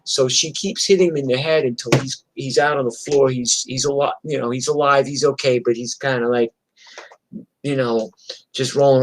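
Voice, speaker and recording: A man from New York telling wild street stories in a casual, profane, animated way, acting out the fights as he goes. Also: medium pitch, a little fast. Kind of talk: casual storytelling. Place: streamed from home.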